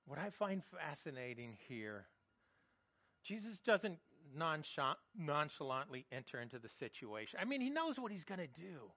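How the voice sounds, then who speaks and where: A man delivers a sermon in an earnest, emphatic way, stumbling over repeated words as he presses his point with questions. His voice sits high for a man. The sound is dry and a little muffled. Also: sing-song, normal speed, sharp tone, dry recording. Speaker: pastor.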